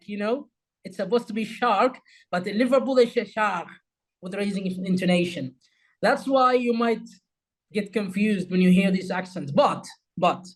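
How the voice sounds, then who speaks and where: A man's voice: high voice, poor audio. A man whose first language is Arabic, hosting a talk and explaining English accents, often addressing viewers as "guys" and repeating phrases. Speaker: host.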